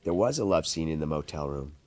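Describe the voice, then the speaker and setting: A man, an actor, recalling film shoots in an animated storytelling way, acting out what people said. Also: extremely low pitch, fast talker, no echo. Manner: animated storyteller, acts out quotes.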